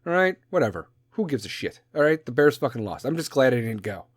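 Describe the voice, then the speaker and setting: Chicago podcast host, forties, swears constantly, swooping animated delivery, dry close sound. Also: male voice, mid-range voice, fast, dry recording. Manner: profane, rambling, jokey. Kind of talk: casual rant.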